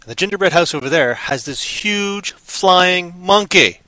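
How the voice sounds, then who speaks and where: Man, goofy improv storyteller, bright close voice, dry sound, slightly high. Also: animated, measured pace, dry recording. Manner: rambling, goofy, random tangents. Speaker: stream co-host. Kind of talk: silly improvised storytelling on a livestream.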